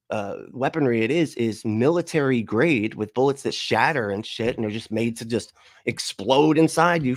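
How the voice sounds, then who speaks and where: Male livestream host, mid-pitched, sarcastic and swearing, dry close sound. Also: no room sound. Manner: profane, sarcastic, laughs often. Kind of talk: casual reaction commentary.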